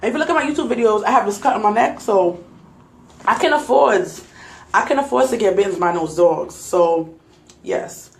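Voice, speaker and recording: A woman's voice: mid-range voice, expressive, moderate pace, gravelly, echoey room. A young adult woman vlogger, shaken and laughing nervously, retelling a scary night to her viewers on a phone. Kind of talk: casual storytelling to viewers.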